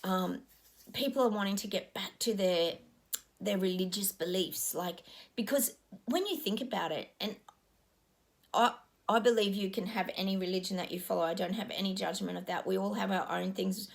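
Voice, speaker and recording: A middle-aged woman talks straight to her audience in a loose, rambling way, filling gaps with ums. Her voice has a gravelly edge, and her pitch sits in a mid range for a woman. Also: moderate pace. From Australia. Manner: rambling, earnest, with frequent ums. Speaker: psychic giving predictions. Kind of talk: casual monologue to viewers.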